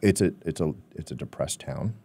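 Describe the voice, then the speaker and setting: A man from Pennsylvania, a guest on a podcast, chatting casually and ending his points with a quick "right?". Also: extremely low pitch, creaky, slightly rough. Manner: relaxed, talkative, ends points with "right?". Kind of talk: casual interview chat.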